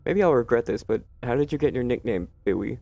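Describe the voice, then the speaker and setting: A man's voice: mid-range voice, expressive, fast talker, gravelly, mellow, dull audio. A man commentating his own gameplay, joking and sarcastic, talking back to game characters. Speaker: let's play host.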